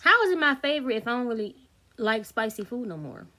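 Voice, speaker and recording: A woman's voice: on the high side, big pitch swings, fast talker, sharp tone. A woman, telling a storytime vlog straight to her viewers, candid, blunt and swearing freely. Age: 30s. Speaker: vlogger.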